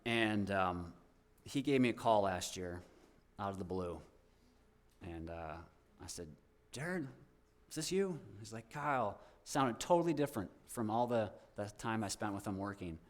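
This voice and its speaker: A young man stands before a congregation and shares a personal testimony in a loose, rambling way, often circling back and restarting his sentences. His voice sits a little low, and his delivery is heartfelt rather than polished. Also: animated, moderate pace. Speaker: guest speaker at a church.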